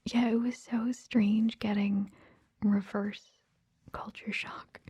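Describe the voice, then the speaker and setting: A young woman, rambling in a breathy ASMR whisper close to the mic, drifting along with many ums. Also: medium pitch, little pitch movement, takes it slowly, dark tone. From Canada. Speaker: ASMR creator. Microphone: close ASMR microphone.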